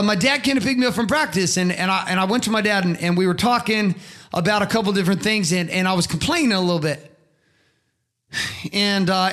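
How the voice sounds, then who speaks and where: Brief: middle-aged male motivational speaker, emphatic and preachy, high pitch, bright tone. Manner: preachy, emphatic, swears freely. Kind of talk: impassioned motivational monologue.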